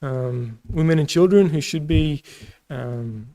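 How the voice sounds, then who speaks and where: Halting Australian man with a gravelly voice. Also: on the high side, dark tone, low-quality recording. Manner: halting, many ums and restarts. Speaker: Bible class teacher. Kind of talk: casual Bible lesson.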